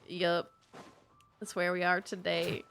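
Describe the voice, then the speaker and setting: A woman's voice: lowish voice, flat delivery, a bit bright, faint music behind. A woman putting on a clumsy country cowgirl accent while chatting on a live stream, stumbling and restarting as she talks. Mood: playful. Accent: put-on Southern US country. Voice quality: self-admittedly clumsy put-on twang, halting.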